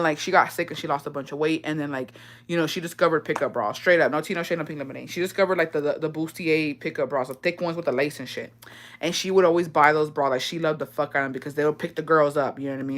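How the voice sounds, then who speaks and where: Young woman vlogger, lowish voice, casual slangy confessional, swears a lot. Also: fairly even intonation, fast talker. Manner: profane, slangy, breaks into laughter.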